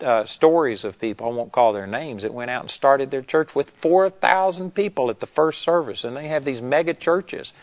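A man's voice: mid-range voice, no echo. A man preaching a sermon on discipleship, earnest and emphatic, building to exclamations.

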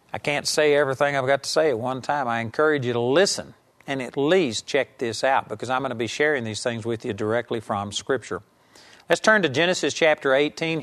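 A man giving an earnest, conversational Bible teaching, talking straight to his listeners with emphatic asides. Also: medium pitch. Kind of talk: teaching sermon.

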